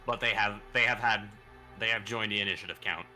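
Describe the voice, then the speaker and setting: Bright-voiced male game master. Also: lowish voice, fairly even intonation, faint music behind. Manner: measured narration with restarts. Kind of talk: narrating a tabletop game.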